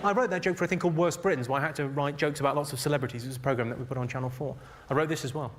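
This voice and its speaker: A man's voice: on the high side, fairly even intonation, racing. A middle-aged man doing stand-up comedy, dry and crude as he teases the audience. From England. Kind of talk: stand-up comedy with crowd work. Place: comedy venue on stage. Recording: live show with loud crowd noise.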